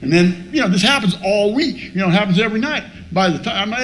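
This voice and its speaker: A man's voice: high-pitched, expressive, quick pace, fairly bright tone. A man telling a blunt, profane story at a recovery meeting and acting out both sides of the talk. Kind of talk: storytelling share with humor.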